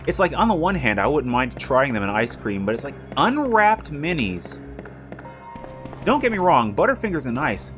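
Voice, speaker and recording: A man streaming a video game, chatting casually with rambling, jokey asides as he plays. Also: medium pitch. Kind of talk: casual live-stream commentary.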